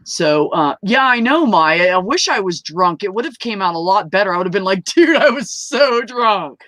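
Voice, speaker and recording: A woman telling a personal story at an open mic, animated, swearing freely and laughing mid-story as she acts out the people in it. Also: mid-range voice, fairly quick, dry recording. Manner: acts out quoted voices. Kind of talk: casual storytelling.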